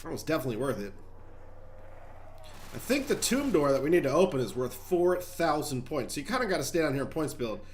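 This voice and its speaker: Gaming guy chatting away while he plays, voice on the high side, bouncy. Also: big pitch swings, fairly quick, slight background noise. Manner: chatty, rambling, talks straight to viewers. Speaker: gaming channel host. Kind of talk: casual gameplay commentary.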